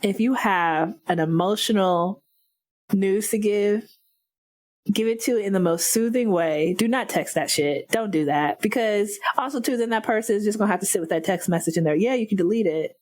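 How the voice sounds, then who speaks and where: A woman co-hosting a casual fan podcast, talking in an easy conversational way. She is animated and laughs often, and she talks straight to her listeners. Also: mid-range voice, moderate pace. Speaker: podcast co-host. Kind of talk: casual chat.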